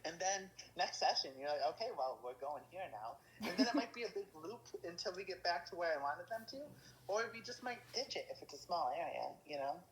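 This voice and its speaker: A woman's voice: lowish voice, lively intonation, fairly quick, rough recording. A woman dungeon master, a guest in a casual interview, rambling with lots of fillers and restarts.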